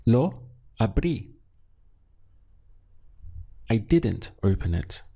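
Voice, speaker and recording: A male language teacher with a lowish, gravelly voice and a dark, mellow tone. He speaks slowly and deliberately, repeating words so learners can follow. His manner is patient and methodical. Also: big pitch swings. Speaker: Spanish teacher. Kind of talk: language lesson with drills.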